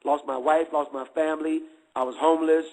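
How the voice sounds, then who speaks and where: A man's voice: fairly high pitch, flat delivery, a little fast, darkish tone, rough recording. A middle-aged man giving a candid testimony in street slang, checking again and again that listeners follow.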